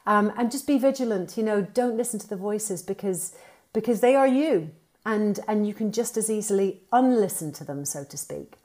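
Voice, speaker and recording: A woman's voice: medium pitch, moderate pace. A woman, a TV presenter and author, talking animatedly as a podcast guest and acting out quoted voices. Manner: animated, upbeat storytelling with playful quoted voices. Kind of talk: conversational podcast interview.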